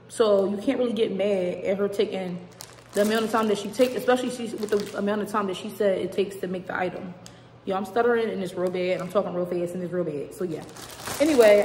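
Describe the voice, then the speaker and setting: A woman's voice: fairly high pitch, a little hiss or hum. A young woman vlogging casually at home, chatty and rambling, full of slang. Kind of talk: casual chat to camera. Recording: echoey room with long reverb.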